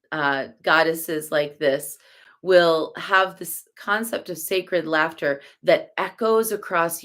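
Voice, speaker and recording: A woman giving a relaxed spoken teaching, slow and searching, with fillers and soft laughs and chanted syllables as examples. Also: low-pitched. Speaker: Buddhist teacher.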